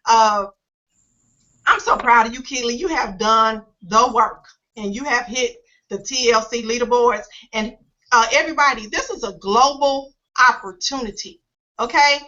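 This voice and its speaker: High bright-voiced woman hosting a web call. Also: normal speed. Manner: upbeat, emotional, encouraging. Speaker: host. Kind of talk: casual online team call. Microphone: video call. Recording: dull lo-fi web call audio.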